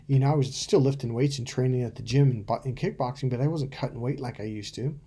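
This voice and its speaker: A man's voice: medium pitch, fast talker, dark tone, husky. A middle-aged man, a dating coach, talking bluntly and profanely to camera, telling stories and acting out quotes. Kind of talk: casual to-camera coaching talk.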